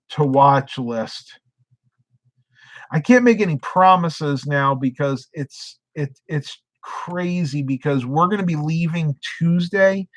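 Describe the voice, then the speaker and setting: A man's voice: fairly high pitch, dry recording. Middle-aged man, drowsy late-night streamer, dry close sound. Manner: rambling, reads chat comments aloud. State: sleepy, yawning. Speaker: live streamer. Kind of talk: casual live stream chat.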